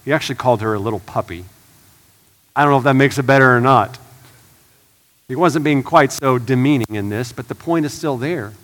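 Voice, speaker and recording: A man preaching a sermon as pastor, swinging from hushed and slow to loud and urgent. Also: mid-range voice. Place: church sanctuary.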